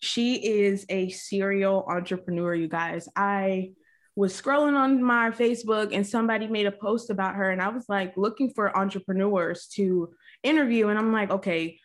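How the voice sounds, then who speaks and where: A woman hosting a casual interview over a video call, bubbly and chatty, repeating how excited and nervous she is. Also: mid-range voice, normal speed. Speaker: podcast host. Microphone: computer mic on a video call.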